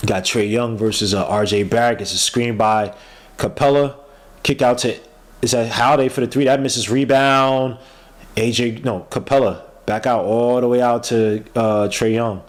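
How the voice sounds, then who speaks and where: Excitable man calling a live game. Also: mid-range voice, moderate pace. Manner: excitable, yells at plays, trails off mid-word. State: tired. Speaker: podcast host doing a game watch-along. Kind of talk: casual live play-by-play commentary.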